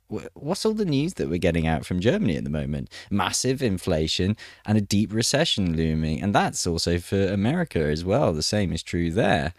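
A man's voice: low-pitched, no room sound, clean studio sound. A man reading a news article aloud and breaking off for chatty, wry asides to his viewers. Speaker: news commentator.

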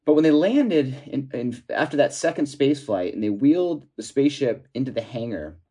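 A man of ordinary pitch tells stories as an interview guest. He talks in a halting way, restarting his sentences and stacking up fillers, and chuckles as he goes. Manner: animated, chuckling while telling anecdotes. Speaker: author and guest. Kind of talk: storytelling interview answer.

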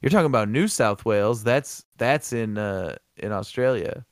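A man's voice: fairly low pitch, moderate pace, dry recording, studio quality. A man co-hosting a casual podcast chat, rambling and profane, often laughing. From American Midwest. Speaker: co-host.

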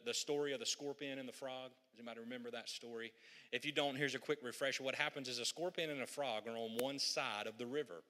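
A man's voice: medium pitch, sharp tone, long reverb tail. A male pastor preaching a sermon in a humorous, conversational storytelling way, in a church sanctuary.

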